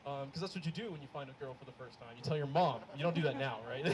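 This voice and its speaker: A young man performing a stand-up comedy set, telling stories in an animated way and laughing at his own jokes. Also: medium pitch, fast talker, over a noisy crowd, poor audio. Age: young adult. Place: comedy show with a live audience.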